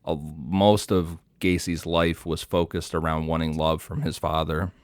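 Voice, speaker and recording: A man co-hosting a podcast, reading his prepared research notes in a steady, matter-of-fact way. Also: rumbling low, measured pace, no echo, clean studio sound.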